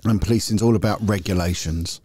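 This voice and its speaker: Deep-voiced man telling candid stories. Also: brisk, warm tone, breathy edge, no echo. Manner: candid, rambling, chatty with frequent restarts. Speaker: podcast guest, former police detective. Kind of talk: casual anecdotal storytelling.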